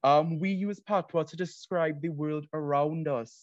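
A man's voice: on the high side, steady tone, a little slow, dry recording, lo-fi sound. Earnest young Trinidadian man presenting. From Trinidad and Tobago. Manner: earnest, explanatory. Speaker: student presenter. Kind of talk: academic presentation.

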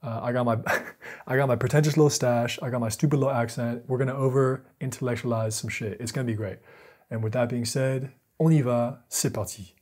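A man's voice: medium pitch, steady tone, a little fast, a little mellow, husky. A man narrating a video essay, shifting between playful self-mockery and dramatic storytelling.

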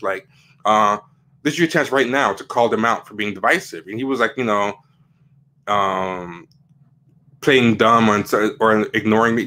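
A man's voice: fairly low pitch, sharp tone. A man hosting a casual commentary livestream, rambling with many fillers and restarts as he reads quotes aloud from the web. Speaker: livestream host.

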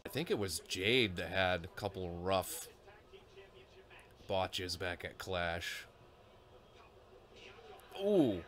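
A man's voice: low-pitched, a bit bright. A man casually reacting live to a wrestling match, thinking aloud with frequent fillers and side comments.

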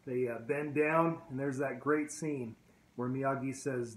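Male vlog host: easygoing retelling, slow with pauses, roomy echo. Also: medium pitch, fairly even intonation. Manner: unhurried, with frequent "uh" pauses. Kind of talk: casual movie retelling.

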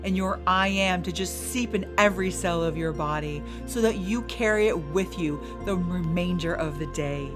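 Woman podcast host, lowish voice, calm guided meditation turning to upbeat coaching, music under her. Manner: slow and soothing in the meditation, then emphatic and encouraging.

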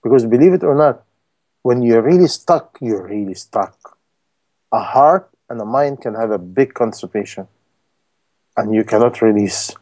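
A man's voice: medium pitch, normal speed, a little mellow. A man preaching a sermon in non-native English, emphatic and full of rhetorical questions to his listeners.

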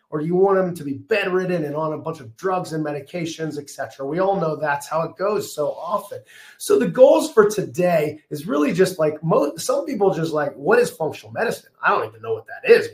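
A man in his thirties giving a passionate, fast, emphatic webinar presentation from his office, his voice a bit strained. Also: sits high, reverberant. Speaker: functional medicine practitioner presenting a webinar.

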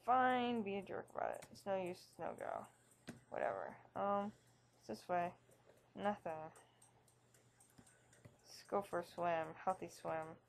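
Slow-talking joking woman gamer. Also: medium pitch, gravelly, a little hiss or hum. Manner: jokey, wry asides, reads game text aloud. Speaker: let's play host. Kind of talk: casual gameplay commentary.

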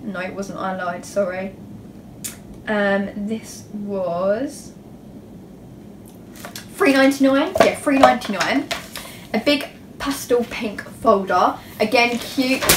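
A woman's voice: fairly high pitch, echoey room, far from the mic, a little hiss or hum. A teenage girl, chatting in a gushing, self-mocking way as she shows off school supplies in a casual vlog. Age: teens. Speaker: YouTuber.

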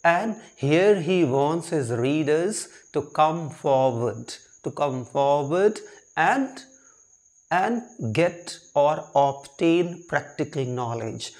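A male literature teacher lecturing on a poem at an unhurried pace. He circles back over his phrases, restarting lines and spelling out technical terms letter by letter, in a slightly raised voice. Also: a little high, darkish tone.

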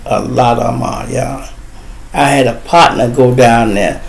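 A middle-aged man from Chicago with a Chicago accent, hosting a casual commentary rant and talking straight to his viewers, animated and swinging between loud and soft. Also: medium pitch, measured pace, gravelly, a little hiss or hum, low-quality recording. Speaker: host of a commentary channel.

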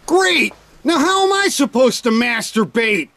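A man with a high voice that swings wildly up and down delivers crude, rhyming comedy rants. His outrage is overdone for laughs, and a clear hum of household noise runs behind him. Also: big pitch swings, a little slow, few pauses, fairly bright tone. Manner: rhyming insults, exaggerated outrage. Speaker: comedy video narrator.

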